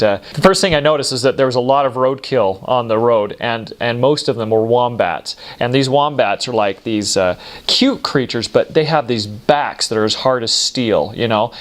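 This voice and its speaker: A middle-aged man from the United States talks in a relaxed, rambling way about his time abroad. He fills his speech with "you know" and "uh", restarts his sentences, and chuckles at his own stories. His voice sits at an ordinary, mid-range pitch for a man. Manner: rambling with many fillers and restarts, laughs at himself. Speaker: storyteller recalling life abroad. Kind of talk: casual anecdotal monologue.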